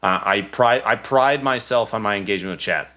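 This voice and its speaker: A man in his thirties, a podcast guest telling casual stories, animated, with many restarts. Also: on the low side, a little fast. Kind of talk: casual storytelling.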